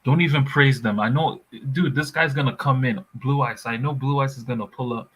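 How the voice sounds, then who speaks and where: A man's voice: medium pitch, a little fast, breathy edge, low-quality recording. A man in a casual football chat, blunt and heated, swearing freely. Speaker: football pundit.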